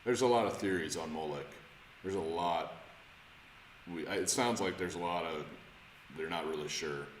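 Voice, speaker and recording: A man's voice: deep voice, moderate pace, pauses often, slight background noise. A man leading an informal Bible study, talking conversationally with many restarts and questions to the group. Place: church room. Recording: echoey church room, faint ambience.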